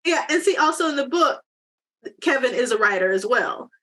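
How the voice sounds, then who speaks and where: A woman's voice: sits high, lively intonation, normal speed, bright, forceful tone. A woman in her thirties chatting casually, telling frank personal stories. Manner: candid, frank storyteller. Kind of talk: casual chat.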